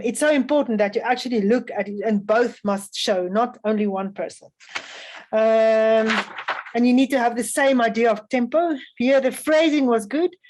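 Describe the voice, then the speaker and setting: A woman giving measured spoken feedback to young violinists as a festival adjudicator, often pausing with "um.". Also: fairly high pitch, a little mellow, poor audio. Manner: measured, instructive, frequent um fillers.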